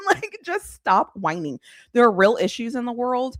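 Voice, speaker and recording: On a casual live stream, a woman who hosts sports commentary vents in an animated, exasperated, blunt and sarcastic way. She speaks at normal speed with a fairly high pitch, in studio-quality audio with no room sound.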